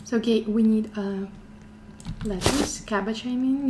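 A woman plays a horror game and talks to herself as she goes. Her voice is a little high and her words come slowly. She keeps repeating herself and often drops to a whisper, with loud game music behind her. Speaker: gameplay streamer.

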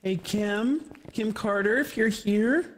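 Man, co-player, high voice, nervous rambling chat, long reverb. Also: slow. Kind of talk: casual gaming chat.

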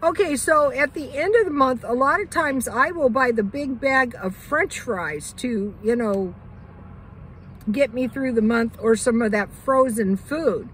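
A woman's voice: sits high, unhurried, a little hiss or hum, low-quality recording. An older woman vlogger chatting casually about living on a budget, rambling with lots of fillers.

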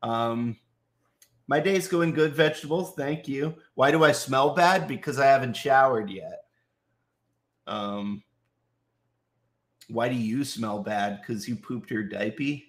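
A man hosting a live autograph signing, chatting casually and greeting viewers by name, slightly sick so his voice sits a little deeper than usual. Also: a little slow, pauses often. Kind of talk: casual livestream chat.

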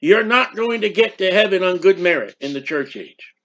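A man preaching a sermon, reading scripture slowly with emphasis and then explaining in casual asides. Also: sits high, expressive, a bit bright. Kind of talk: sermon, Bible teaching. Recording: dull lo-fi recording.

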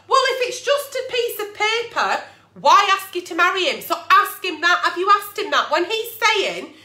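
Brash woman, advice-vlog agony aunt; bright edge, echoey room, swears freely. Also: extremely high pitch, normal speed. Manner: blunt, profane and animated.

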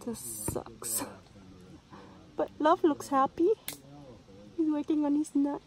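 A woman's voice: sits high, little pitch movement, moderate pace. A woman vlogging to camera from inside a tent in a forest, talking dramatically with lots of exclamations. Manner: exclaiming, dramatic, keeps saying oh my gosh. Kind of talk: casual vlog to camera.

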